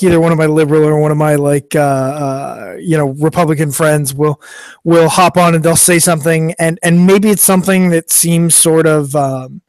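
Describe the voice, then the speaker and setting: High pitched dude, wry jokey questions, super dry mic. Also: male voice, darkish tone, no room sound. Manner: wry, questioning, half-joking. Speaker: podcast co-host. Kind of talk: casual chat.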